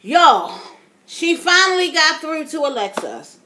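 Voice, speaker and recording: A woman in her fifties with a high voice talks straight to her viewers in a casual vlog. She tells her stories chatty and dramatic, calling them y'all as she goes. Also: very animated, unhurried, pushed and bright. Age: 50s. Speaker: vlogger. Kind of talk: casual storytelling to camera.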